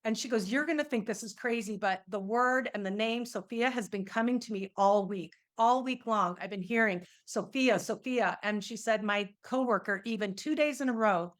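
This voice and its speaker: A woman's voice: medium pitch, moderate pace, few pauses. A middle-aged woman, an energy healer, telling a personal story in an interview and acting out the quoted dialogue with animation.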